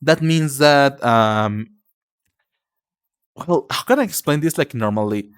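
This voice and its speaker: A young man with a Spanish accent chats to his viewers on a live stream, his pitch swinging high and low. He restarts his sentences a lot and calls people cutie and darling. The sound is dry and close, with no room around it. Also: lively intonation, slow, clean tone, no room sound. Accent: Spanish-speaking. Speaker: livestreamer. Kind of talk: casual stream chat.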